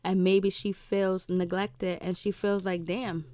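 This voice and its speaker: A woman talking through a reality show recap in a loose, rambling way, full of fillers and quick acted-out quotes. Her pitch sits mid-range for a woman, and the recording is dry with no room sound. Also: little pitch movement, dark tone, no echo. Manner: rambling, filler-heavy with frequent "you know" and "so anyways"; acts out characters' lines in quick voices. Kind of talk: casual episode recap.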